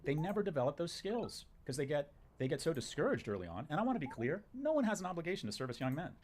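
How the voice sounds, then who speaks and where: A man's voice: a little high, very animated, quick pace, darkish tone, slight background noise. A man speaking as a guest in a conversation, making emphatic, punchy declarations and arguing his points in short bursts. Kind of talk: opinionated conversation.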